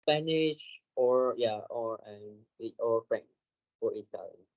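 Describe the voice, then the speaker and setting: A man's voice: mid-range voice, phone-quality sound. A teenage boy from Vietnam answering his teacher's questions in an online English lesson, hesitant and full of fillers. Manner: hesitant, halting, many fillers. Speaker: student.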